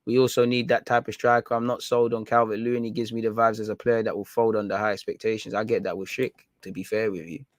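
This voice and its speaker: A man's voice: on the low side, little pitch movement, quick pace, hardly any pauses, dry recording, studio quality. A man hosting a fan live stream, chatting casually in slang and reading out viewer comments. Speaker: fan channel host.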